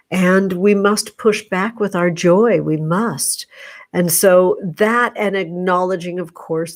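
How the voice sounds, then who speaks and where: Woman, middle-aged, effusive, affectionate, casual livestream chat, lowish voice. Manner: affectionate, effusive, calls viewers sweetie. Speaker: host of a livestream greeting chat viewers.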